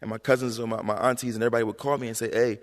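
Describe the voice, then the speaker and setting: A man in his thirties, a guest author, telling stories in an animated, slangy, conversational way on a high school auditorium stage. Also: rapid-fire. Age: 30s. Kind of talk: onstage storytelling conversation. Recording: long reverb in a school auditorium.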